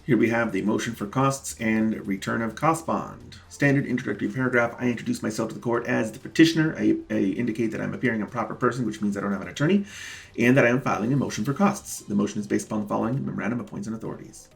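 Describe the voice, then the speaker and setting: A man's voice: on the low side, quick pace, gravelly. A man hosting his own vlog, walking viewers through his court filings in a casual but indignant, emphatic way and calling them "guys". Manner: indignant, emphatic, repeats key words for stress; talks straight to viewers as "guys". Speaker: self-represented litigant and channel host.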